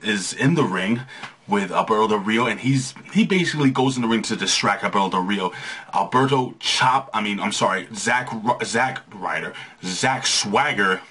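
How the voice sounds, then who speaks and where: Husky-voiced man recapping wrestling. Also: on the low side, a bit bright. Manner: rambling, lots of restarts and fillers. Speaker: wrestling show recap host. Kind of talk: casual recap commentary.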